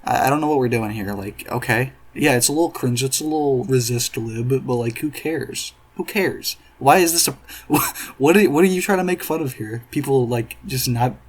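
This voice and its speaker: A man's voice: mid-range voice, normal speed. A man doing reaction commentary in a profane, sarcastic, exasperated rant. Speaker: commentary YouTuber.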